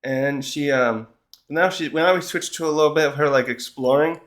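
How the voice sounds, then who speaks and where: A man's voice: on the high side, normal speed, a bit bright, a little hiss or hum. A man talking through a comic chapter on his own in a rambling, casual way, often cutting himself off and acting out the characters' lines. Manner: rambling, self-interrupting, acts out characters' lines. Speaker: manga review host. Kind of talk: casual solo chapter review.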